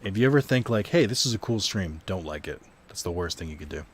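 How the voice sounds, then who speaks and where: A man's voice: deep voice, lively intonation, fast, slightly rough. Rambling, self-mocking young man streaming a game. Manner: rambling, self-deprecating, swears casually. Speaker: streamer playing a card video game. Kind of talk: casual gaming stream commentary.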